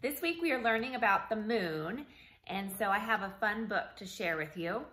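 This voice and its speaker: Teacher reading a children's book aloud: a woman with a bright, lively, expressive voice. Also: medium pitch, normal speed, low-quality recording. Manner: expressive, clear storytelling. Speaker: early learning teacher.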